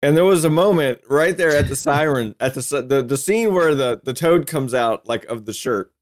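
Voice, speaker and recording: A man casually telling a funny personal story in a lively way, laughing often and acting out what people said. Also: mid-range voice, moderate pace. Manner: lively, laughs a lot, acts out quotes.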